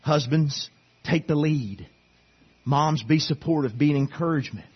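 Pleading middle-aged pastor preaching a sermon. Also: male voice, on the high side, measured pace, breathy edge, highs cut off. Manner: earnest, pleading, repetitive exhortation. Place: church sanctuary.

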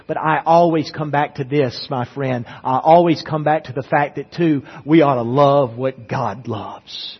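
A man's voice: medium pitch, measured pace, hardly any pauses, husky. A male pastor giving an earnest sermon, often repeating words as he goes. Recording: echoey church hall, dull lo-fi sound.

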